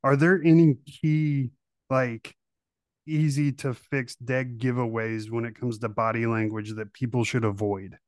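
A man's voice: medium pitch, steady tone, unhurried, no room sound, clean studio sound. A man hosting a leadership podcast, asking questions in an enthusiastic, conversational way. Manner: enthusiastic, conversational, many fillers. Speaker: podcast host. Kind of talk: podcast interview.

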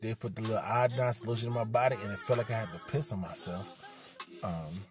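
A man's voice: fairly low pitch, fairly even intonation, quick pace, over music. A man casually retelling a personal story, profane and streetwise, acting out the people he quotes.

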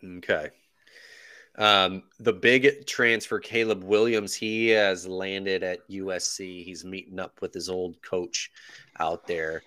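A man's voice: low-pitched, little pitch movement, slow pace, pushed and bright, clean tone. A man hosting a casual sports podcast in a laid-back way, steering the talk to the next topic.

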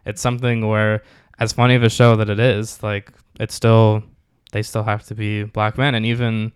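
A man's voice: fairly low pitch, normal speed, clean tone, no room sound, clean studio sound. A young man chatting casually as a podcast co-host, retelling scenes with acted-out quotes. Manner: animated storytelling, acts out quotes. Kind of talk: casual chat.

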